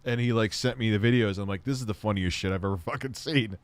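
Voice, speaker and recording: A man hosting a casual stream, telling stories in a profane, animated way. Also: fast, smooth, no echo. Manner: profane, animated storytelling, acts out quotes in high shouts. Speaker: host. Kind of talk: casual livestream chat.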